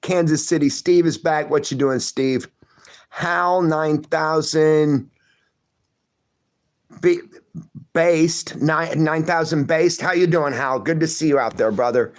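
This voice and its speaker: A man's voice: on the high side, steady tone, slow pace, long pauses. A middle-aged man hosting a livestream, reading viewer comments and greeting each person by name in a casual, friendly chat. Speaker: livestream host.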